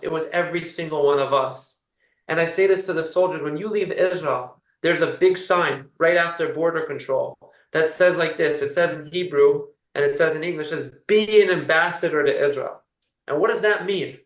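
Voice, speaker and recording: A man's voice: a little high, a bit bright. A man speaking as a rabbi, giving an earnest, rousing talk over a video call and telling stories to make his point. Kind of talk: inspirational speech on a video call. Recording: roomy echo.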